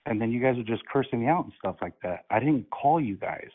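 A man on a prank phone call, calm and mocking, playing innocent. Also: medium pitch, fast. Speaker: prank caller. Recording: phone line.

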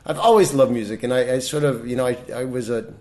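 A middle-aged man, a guest in a casual interview, telling stories in an animated way with many restarts. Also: medium pitch, fast talker.

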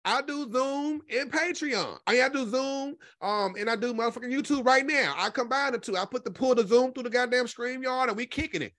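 A man hosting a casual livestream, talking back to his chat in a sassy, profane way and sliding from a low drawl up to high exclamations. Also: a little fast, few pauses, fairly bright tone. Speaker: host.

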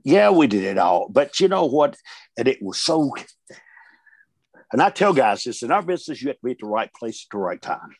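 A man's voice: mid-range voice, brisk, no room sound. Older guy spinning wrestling-road stories, voice jumps all over, laughs a lot, dry close sound. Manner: animated storyteller, laughs often, acts out quotes. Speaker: veteran wrestler guest. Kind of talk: casual storytelling chat.

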